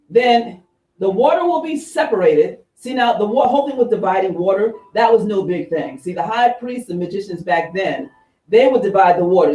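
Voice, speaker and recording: Animated woman preacher, echoey room. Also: medium pitch. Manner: animated, conversational, acts out characters. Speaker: reverend. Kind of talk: storytelling sermon. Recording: echoey room, far from mic, faint music.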